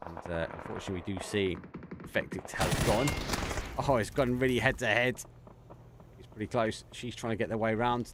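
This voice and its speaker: A man casting a live esports match as a streamer, getting loud and excited at the big plays. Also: on the low side, fairly quick, background noise.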